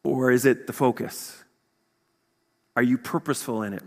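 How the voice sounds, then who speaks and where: A man in his fifties preaching a sermon as pastor, energetic and conversational, often checking in with "okay?". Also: medium pitch, normal speed. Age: 50s. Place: church sanctuary. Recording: long hall reverb.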